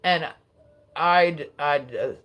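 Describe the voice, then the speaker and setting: A live streamer with a New Jersey accent rambles casually into a phone, cursing freely and drifting through tangents. The mid-range voice draws out its words, and the recording sounds muffled.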